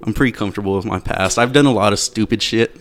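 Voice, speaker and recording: Male guest, lowish voice, relaxed, profane, buddy talk. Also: quick pace. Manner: easygoing, swears freely, says dude and man. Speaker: podcast guest. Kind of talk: casual chat.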